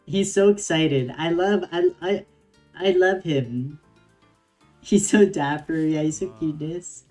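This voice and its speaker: A woman's voice: sits low, takes it slowly, a little mellow, soft background music. A young woman streamer reading a game story aloud with giggly, chatty reactions.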